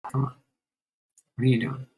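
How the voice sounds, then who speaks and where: A man reading a biography aloud at home, plainly, with small stumbles and quick asides. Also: darkish tone, poor audio.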